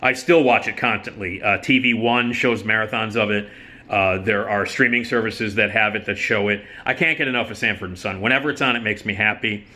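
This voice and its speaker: A man's voice: fairly low pitch, fairly quick, sharp tone. Rambling, enthusiastic middle-aged man. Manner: rambling, enthusiastic, profane, many fillers. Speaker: host. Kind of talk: casual chat.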